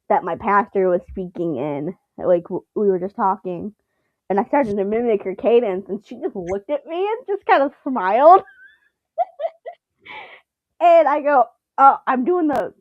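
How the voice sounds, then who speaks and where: A woman chatting casually about a TV episode, animated and quick to laugh, slipping into playful imitations. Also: medium pitch, dry recording, muffled recording. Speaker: co-host. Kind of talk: casual chat reacting to a TV episode.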